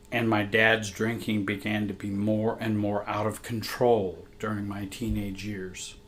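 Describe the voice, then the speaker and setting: A man reading a personal account aloud in a measured, emotional way. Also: lowish voice, a little hiss or hum. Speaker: therapist and show host.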